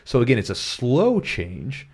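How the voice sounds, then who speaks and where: A Kentucky man hosts a casual podcast, speaking earnestly and motivationally and repeating himself a lot; he's a jiu-jitsu coach whose old Kentucky twang has been trained into a neutral American accent. His mid-range voice swoops wildly in pitch at a measured pace, with a darkish, breathy edge.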